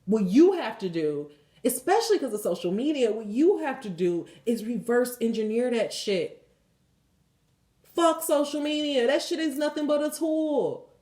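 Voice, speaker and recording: A woman's voice: a little high, lively intonation, moderate pace, warm tone, reverberant. A woman tarot reader giving a blunt, emphatic spiritual pep talk and leading affirmations, swearing freely.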